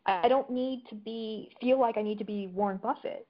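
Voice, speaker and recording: A woman's voice: a little high, a little fast. A woman as a guest in a casual conversation, chatty and telling stories. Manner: chatty storyteller. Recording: dull lo-fi audio.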